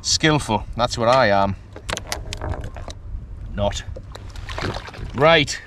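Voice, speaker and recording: A man, chatting excitedly to the camera from his kayak while fishing at sea, often laughing. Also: medium pitch, extremely slow, noisy background. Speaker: kayak angler filming his fishing trip. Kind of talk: casual vlog commentary. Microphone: action camera mic.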